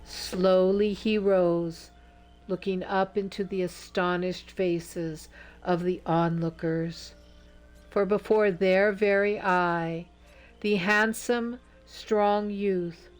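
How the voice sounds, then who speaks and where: A woman narrating an audiobook in a slow, measured storytelling manner. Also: fairly low pitch, steady tone.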